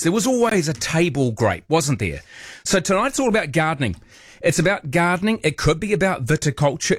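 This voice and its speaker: A man's voice: mid-range voice, no echo, studio quality. A man hosting late-night call-in talk radio, chatty and playful with jokey asides. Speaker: radio host.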